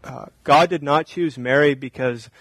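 A man preaching a sermon, animated, swinging between loud emphatic lines and quiet asides. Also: medium pitch, normal speed, no echo. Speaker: pastor.

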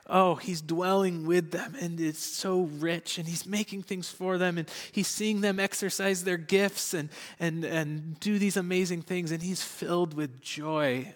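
A young man preaching a sermon as a church pastor, earnest and candid, with light laughs, dropping into soft whispers at tender moments. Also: sits high, fairly even intonation, measured pace, few pauses, in a large hall.

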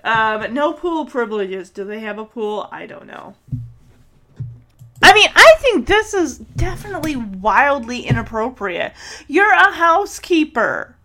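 A woman's voice: high voice, sing-song, unhurried, sharp tone. A woman casually recapping a TV episode, chatty and giggly, retelling scenes with quoted lines. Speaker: podcast host recapping a TV episode. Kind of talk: casual chat.

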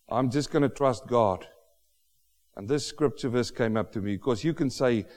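A man preaching a sermon, swinging from quiet asides to loud, drawn-out emphasis. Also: medium pitch, lively intonation. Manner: dramatic swings from soft to loud, slows for emphasis. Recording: long reverb of a hall.

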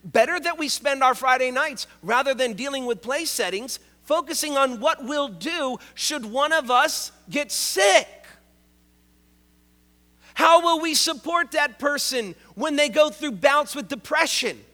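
A man's voice: very high voice, expressive, a little slow, bright, forceful tone. A male pastor preaching a sermon, conversational and joking, who drives points home by repeating key words. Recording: long reverb of a large hall.

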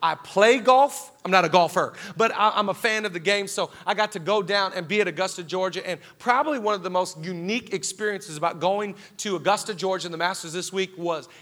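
A man in his thirties preaching a sermon as pastor, telling stories in an animated, excitable way. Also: sits high, fairly quick, hardly any pauses. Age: 30s. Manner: animated storytelling with rising excitement. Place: large church hall.

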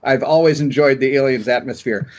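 A man's voice: mid-range voice, a little fast, a little mellow, highs cut off. A man telling rambling, enthusiastic stories during a casual chat on a gaming stream. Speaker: co-host.

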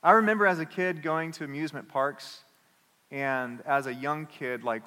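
A man preaching a sermon as pastor, telling a story in an animated way and acting out the characters. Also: fairly high pitch, normal speed, long reverb tail. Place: church.

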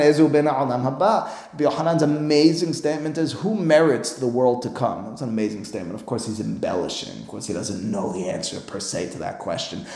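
A man teaching a Talmud class as a rabbi, animated and acting out both sides of a dialogue, peppering his English with Hebrew terms. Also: mid-range voice. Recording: roomy echo.

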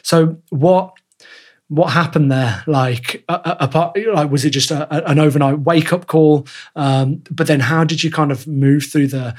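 A man's voice: on the high side, fairly even intonation, unhurried, husky. A man hosting a podcast, asking long strings of questions with false starts. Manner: rambling, stacked questions with restarts. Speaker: podcast host. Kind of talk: interview questions.

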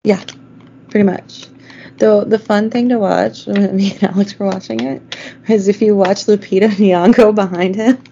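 Mellow gravelly woman on a lo-fi mic. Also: medium pitch, fairly even intonation, normal speed. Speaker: podcast co-host. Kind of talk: casual chat. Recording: muffled lo-fi audio with faint noise.

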